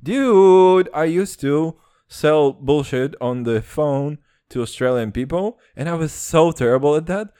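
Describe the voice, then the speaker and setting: The young podcast host talks alone, wandering from topic to topic with plenty of cursing and jokes at his own expense. His voice is a little high, a little slow, and mellow, with a clean tone, no echo, and studio quality. He speaks Serbian or Turkish natively, and his accent blends Eastern European and American.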